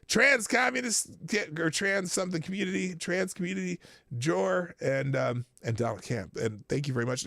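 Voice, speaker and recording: A man hosts a live show and rushes through his thank-yous and goodbyes, swearing freely and restarting his sentences. His voice sits fairly high and swings widely in pitch. It is recorded dry and close, with faint music underneath. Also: gravelly, fairly bright tone, no room sound. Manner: rushed, loose and profane, with many restarts. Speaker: live-stream show host. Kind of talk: casual live-stream commentary and sign-off.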